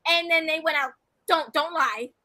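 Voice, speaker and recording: Bright-voiced woman cutting in, animated. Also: high-pitched. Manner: animated, quick to cut in and correct her partner. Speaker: wrestling show co-host. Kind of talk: casual podcast review chat.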